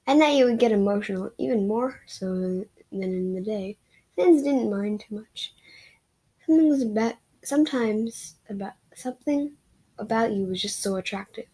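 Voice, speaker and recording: A woman reads a romance fan story aloud in a casual, unpolished manner, now and then tripping over a word. Her voice is breathy and a bit husky, with a mid-range pitch. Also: expressive, moderate pace, mellow, rough recording. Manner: casual, giggly, slightly stumbling reading. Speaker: reader of fan fiction.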